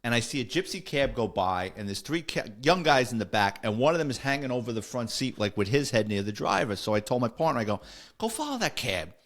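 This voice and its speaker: Rambling older New storyteller. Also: male voice, medium pitch, animated, quick pace, few pauses, a bit bright. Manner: rambling, full of fillers and self-corrections. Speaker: podcast host, retired police officer. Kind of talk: casual storytelling.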